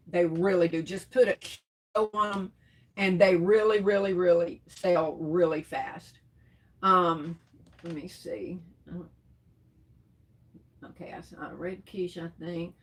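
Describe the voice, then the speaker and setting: A woman's voice: on the low side, steady tone, takes it slowly, pauses often. A middle-aged woman hosting a casual crafts livestream, reading out comments and answering them with terms of endearment. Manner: warm terms of endearment, chatty, laughs often.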